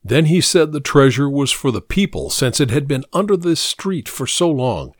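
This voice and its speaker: A man narrating a scripted first-person story in a measured, reflective reading. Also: mid-range voice, sing-song, dry recording, clean studio sound.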